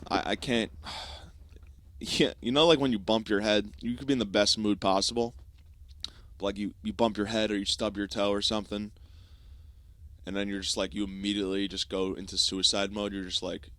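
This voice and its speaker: A man's voice: on the low side, fairly bright tone, no room sound. A young man from the United States hosting a podcast, telling a rambling, profane, self-mocking story in a casual comedic monologue. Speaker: podcast host.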